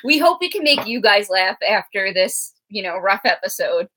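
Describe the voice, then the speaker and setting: Young woman, co-host, casual recap chat, animated, laughs a lot, bright voice. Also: medium pitch, normal speed. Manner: animated, laughs often, acts out characters.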